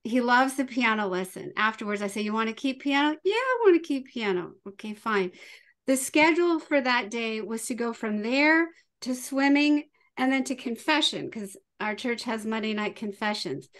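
Middle-aged woman on a podcast, high voice, animated anecdote teller. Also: moderate pace. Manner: lively, acts out her children's voices. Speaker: podcast guest. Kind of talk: casual storytelling.

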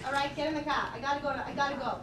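A woman's voice: high-pitched, fairly even intonation, rapid-fire, natural voice. A woman in an improv scene playing a gushing, foul-mouthed Catholic single mom from Boston. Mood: flustered. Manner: gushing, brash, repeats herself. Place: theater stage. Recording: roomy distant live stage recording, noisy.

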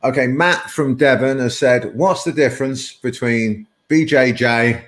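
A man with a medium-pitched voice and measured pace hosts a live webinar. He chats casually, laughs often, and tells rambling stories.

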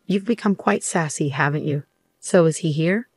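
A woman's voice: low voice, moderate pace, slightly rough, no echo, studio quality. A woman reading the lines of a condescending, overbearing middle-aged mother in a storybook tale. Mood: scornful. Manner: scornful, demanding.

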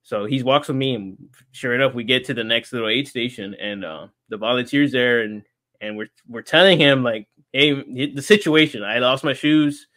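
A man, an interview guest, telling a story in casual chat, animated and laughing often. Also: medium pitch, moderate pace. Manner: animated, acts out quoted voices, laughs often.

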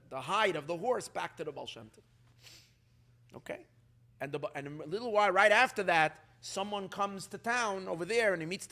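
A rabbi tells an old Hasidic tale to a gathered community. His voice sits a little high for a man, and he keeps stopping, repeating words and restarting his sentences, with Yiddish words mixed in. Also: gravelly, sharp tone. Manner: halting storyteller, many restarts and fillers, Yiddish words. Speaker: rabbi telling a Hasidic story. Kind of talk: storytelling talk. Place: community gathering, evening meal.

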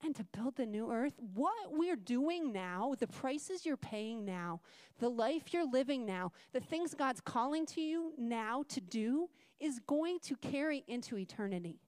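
A middle-aged woman preaching in church, telling a family story with animated acted-out voices. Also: on the high side, a little slow, no echo, clean studio sound. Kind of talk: sermon.

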